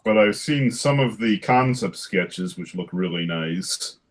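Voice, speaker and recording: A man chatting casually, with many restarts and halting phrases, sounding keen about cartoon news. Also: lowish voice, expressive, rough recording. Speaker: cartoonist in a drawing group. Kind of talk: casual chat.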